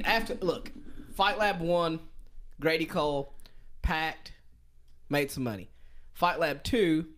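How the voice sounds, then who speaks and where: A man from Asheville, telling stories on a podcast in a lively, profane way. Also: a little high. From Asheville, North Carolina. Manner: animated, swearing, acts out quotes. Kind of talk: casual storytelling on a podcast.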